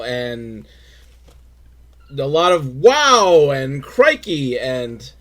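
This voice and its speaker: A man hosting a podcast, recapping a film in a crude, rambling, self-mocking way with sudden loud outbursts. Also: medium pitch. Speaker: podcast host reviewing a film. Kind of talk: casual comedic film recap.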